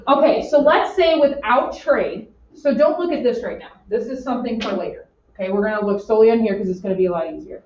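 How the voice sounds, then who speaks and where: A woman teaching an economics class in an animated, joking way, acting out her examples. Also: a little high, fast talker, hardly any pauses, a little hiss or hum. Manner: animated, jokey, acts out examples. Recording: roomy, distant, dull classroom audio.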